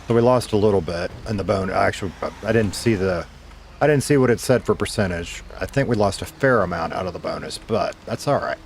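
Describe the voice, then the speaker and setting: Man, middle-aged, ex-radio DJ, casual stream chat, relaxed, lowish voice, faint background noise. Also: fairly quick, gravelly. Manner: laid-back, talks to chat, swears casually.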